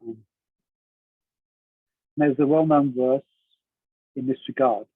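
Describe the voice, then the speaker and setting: A husky-voiced man leads a class at a middle pitch, talking easily and often checking in with his listeners. The sound is dry and narrow, as if heard over a phone line. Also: fairly even intonation, takes it slowly, long pauses, dry recording. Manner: conversational, asks the class questions, laughs often. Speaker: teacher. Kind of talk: class on a devotional text.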